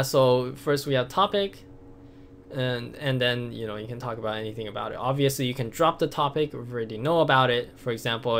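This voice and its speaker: A man teaching a casual video lesson, explaining patiently with many fillers, restarts and repetitions. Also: medium pitch. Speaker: language teacher.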